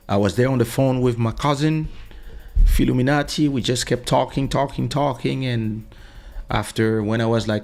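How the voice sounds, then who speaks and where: A man's voice: mid-range voice, vocal fry. A middle-aged man hosting a podcast, talking casually and telling a story, often saying "listen". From France. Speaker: podcast host. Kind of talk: casual monologue.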